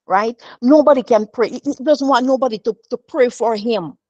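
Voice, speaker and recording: A woman's voice: fairly high pitch, normal speed, few pauses, a little mellow, dry recording. A woman giving an emotional devotional testimony as a mother, earnest and repetitive, often restarting her sentences. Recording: dull, dry lo-fi sound.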